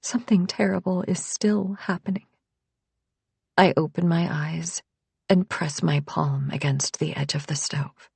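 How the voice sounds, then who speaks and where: A woman narrating a first-person thriller audiobook in a hushed voice that often drops to a whisper. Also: fairly low pitch, steady tone, measured pace, creaky, breathy edge, no room sound.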